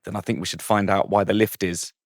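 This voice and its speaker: Low-voiced man reading a cheeky comic story. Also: fairly even intonation, quick pace, no echo, clean studio sound. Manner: playful, laughs through his own jokes. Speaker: comedian guest reading his story.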